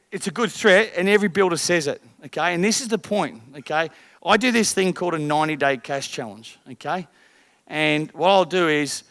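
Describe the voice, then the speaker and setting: A man's voice: a little high, no room sound, studio quality. A man coaching a group of business owners, blunt and swearing, firing rhetorical questions. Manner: energetic, rising loud at the end.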